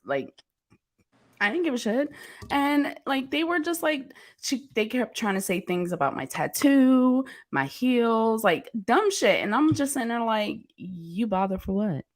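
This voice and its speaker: A woman from Pennsylvania hosting a casual chat, telling stories candidly with laughs and swearing. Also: on the high side. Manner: candid, laughing, profane storytelling. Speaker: host.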